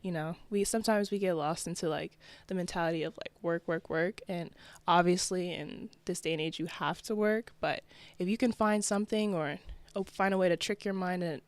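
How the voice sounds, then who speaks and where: A young woman from New Jersey, a fashion designer guest, chatting in a relaxed, laid-back way. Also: lowish voice, brisk, no echo. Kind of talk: casual interview.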